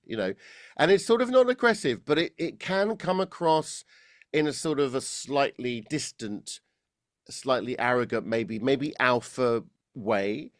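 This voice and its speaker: A British man, a voice coach, explaining technique in a relaxed interview, often laughing and restarting his sentences. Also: mid-range voice, normal speed, no room sound, studio quality. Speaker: voice coach guest.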